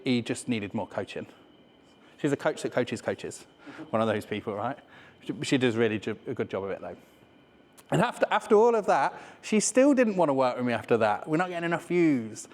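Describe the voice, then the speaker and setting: A man with a Leicester accent speaks to a room of people in an easy, joking way, dropping swear words and tag questions. His voice sits in the middle range and carries the long tail of a reverberant hall. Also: medium pitch. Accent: Leicester English. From England. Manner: chatty and swearing, with many "right?" asides. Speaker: speaker giving a business talk. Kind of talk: live presentation to an audience. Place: room with an audience.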